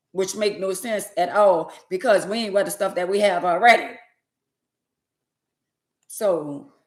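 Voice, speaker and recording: A woman casually telling viewers a story, lively with preachy asides in dialect speech. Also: medium pitch, reverberant.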